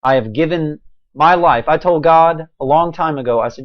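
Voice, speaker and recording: A man delivering a preachy, impassioned monologue, swinging between a raised voice and quiet intensity. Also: fairly high pitch, normal speed, no echo, dull audio. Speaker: video blogger.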